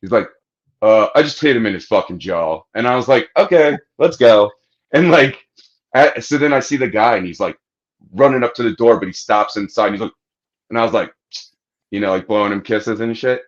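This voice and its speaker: A man with a deep, low voice tells a rowdy anecdote in easygoing podcast chat. He swears a lot and acts out the other people's lines. The recording is a bit muffled and lo-fi. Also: fairly quick. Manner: profane, animated anecdote-telling, acting out quotes. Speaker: podcast host. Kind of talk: casual storytelling chat.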